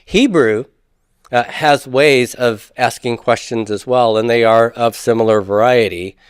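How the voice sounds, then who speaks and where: A man teaching a Hebrew grammar class in a relaxed lecture, joking and acting out example questions. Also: mid-range voice, unhurried, clean tone, dry recording, studio quality.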